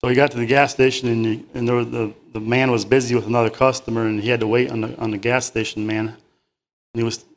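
A man reading a children's story aloud to a group, halting and stopping to paraphrase and moralize. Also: medium pitch, level tone.

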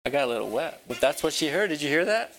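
A man teaching a children's Bible lesson at a rural property with a barn. He tells the story haltingly, repeats his words and asks the children questions. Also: fairly high pitch, big pitch swings, a bit bright, slight background noise, poor audio.

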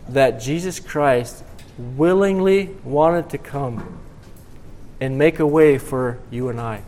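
Man preaching a halting, emphatic sermon. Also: mid-range voice, a little mellow, a little hiss or hum. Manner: halting, repeating words, swelling with emphasis.

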